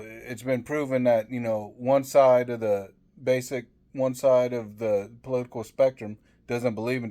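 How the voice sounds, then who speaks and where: A man's voice: medium pitch, darkish tone. A man in the middle of an angry political rant to his viewers, swearing heavily. He stumbles over his words, repeating and restarting as the anger runs ahead of him. His voice sits in an ordinary middle register. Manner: profane, heated, repetitive stammering restarts. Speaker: political commentator.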